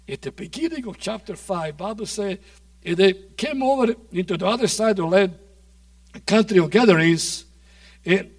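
High-voiced preacher with dramatic swings. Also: male voice, dry recording, distant mic. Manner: dramatic, swings from shouts to near-whispers. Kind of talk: sermon.

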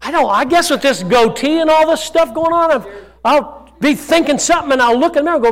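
Man preaching in church, really high voice, shouts then goes quiet reading verses. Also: expressive, a little fast. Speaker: pastor. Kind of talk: sermon.

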